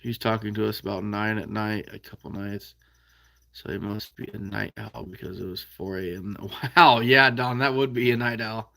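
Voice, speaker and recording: A man's voice: on the low side, steady tone, moderate pace, creaky, bright, forceful tone. A man with an American Midwest accent hosting a casual livestream, reading out viewer comments in an easygoing, folksy way with frequent chuckles. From Iowa.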